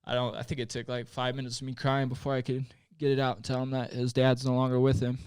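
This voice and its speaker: This podcast guest, a man in his late twenties, talks fast in a smooth, resonant, medium-pitched voice with a flat, even delivery. He recounts a personal story casually and candidly, full of swearing and fillers, in a dry, close recording with no room sound.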